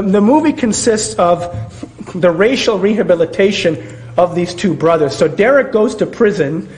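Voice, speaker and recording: A man's voice: high voice, a little mellow, low-quality recording. A man giving a sarcastic film commentary monologue, often restarting his sentences.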